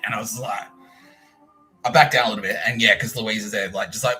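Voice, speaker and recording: A man's voice: lowish voice, fairly even intonation, quick pace, sharp tone, soft background music, low-quality recording. A man with an Australian accent hosting a solo podcast, telling a long profane story in a rambling way and mimicking people he quotes. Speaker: podcast host.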